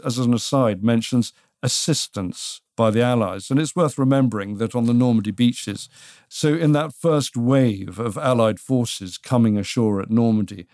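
A British man co-hosting a casual history chat, telling it in a measured, dryly wry way. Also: mid-range voice, a little mellow, no room sound, studio quality. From Britain.

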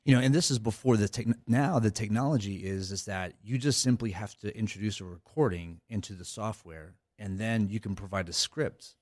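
A man speaks as an interview guest in a low, deep voice. He rambles, restarting phrases and leaning on fillers. The sound is dry and close. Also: a little fast, few pauses, a little mellow, dry recording. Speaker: cybersecurity guest. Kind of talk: casual interview talk.

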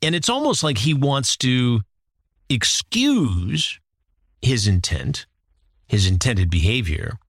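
A man's voice: medium pitch, sing-song, takes it slowly, no room sound, studio quality. A man hosting a commentary show, retelling a case in an indignant, worked-up way. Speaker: host. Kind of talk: commentary podcast.

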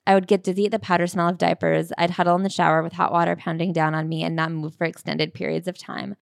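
A woman co-hosting a casual podcast, talking bluntly about a memoir and reading passages from it in a measured way. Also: lowish voice, flat delivery, vocal fry, no echo, studio quality. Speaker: podcast co-host.

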